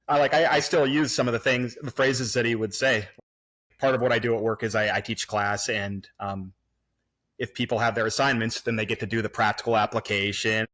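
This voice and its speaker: A man in his thirties from the Pacific Northwest, a podcast guest recorded remotely, reminiscing in a relaxed way with plenty of fillers and restarts. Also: mid-range voice, brisk. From Pacific Northwest, USA. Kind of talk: casual remote podcast chat. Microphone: remote recording, podcast mic.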